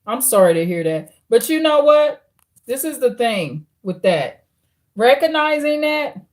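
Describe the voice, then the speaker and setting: A woman, chatting casually on a livestream, reading viewer comments and giving blunt advice straight to the camera. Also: fairly high pitch. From United States. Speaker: livestream host.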